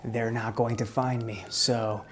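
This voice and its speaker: A man voicing a smug, menacing male hitman in a whispered role-play, taunting his captive in a soft, close voice. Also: medium pitch, level tone, measured pace, background noise, natural voice. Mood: menacing calm. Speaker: ASMR role-play performer.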